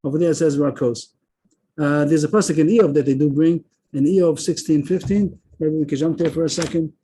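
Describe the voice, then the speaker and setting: A man, teaching a verse-by-verse text class over a video call, thinking aloud frequent pauses and restarts. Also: a little high, steady tone, dark tone, a little hiss or hum.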